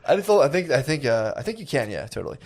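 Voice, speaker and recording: A man's voice: mid-range voice, very animated, fast, a little mellow. A man, co-hosting a comedy podcast with sarcastic, mock-earnest riffing. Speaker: podcast co-host. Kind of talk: casual comedy podcast chat.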